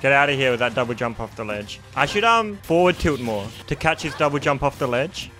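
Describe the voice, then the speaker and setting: A young man giving excitable live commentary while playing a fighting game, reacting loudly to plays. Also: medium pitch, fairly quick, soft background music. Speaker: gaming streamer.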